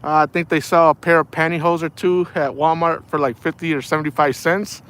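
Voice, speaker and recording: A man's voice: a little high, fairly even intonation, fairly quick, a bit bright. A man chatting casually on a fishing livestream from outdoors by the water, rambling in a laid-back way and often saying "man". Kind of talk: casual live chat while fishing.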